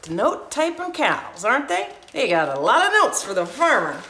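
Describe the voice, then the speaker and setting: A woman's voice: fairly high pitch, sing-song, moderate pace, pushed and bright. A woman co-hosting a children's storytime livestream, chatting cheerfully and asking questions of young viewers. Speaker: co-host. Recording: echoey room, faint background noise.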